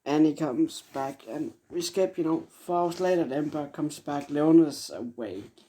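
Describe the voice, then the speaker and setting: A man's voice: on the high side, normal speed, dark tone. A young man telling an improvised fan story, rambling with lots of fillers.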